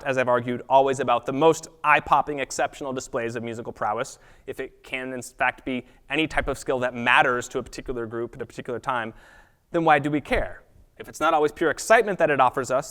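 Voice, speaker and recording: A man giving an academic lecture at a college, reading prepared text in a measured way and sometimes correcting himself. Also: medium pitch, fairly bright tone. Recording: long reverb of a lecture hall.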